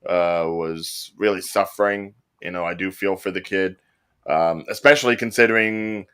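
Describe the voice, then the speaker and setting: A man's voice: low-pitched, normal speed, fairly bright tone, clear, resonant tone. A man on a podcast panel, talking in a rambling, earnest way with touches of mock indignation. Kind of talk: casual comedic chat.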